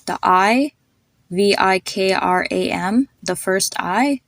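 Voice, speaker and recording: A woman's voice: mid-range voice, steady tone, no room sound. Woman patiently explaining pronunciation on a podcast. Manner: patient, spells out names and slows down to demonstrate sounds. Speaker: podcast host.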